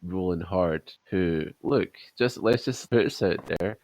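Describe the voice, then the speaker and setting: A Scottish man chatting casually on a podcast in a low, deep voice. He rambles, swears freely and jokes. The sound is dry and close on a voice-chat headset. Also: measured pace, darkish tone, no echo, poor audio. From Scotland. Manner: rambling, profane, joking. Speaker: podcast co-host. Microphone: headset over voice chat.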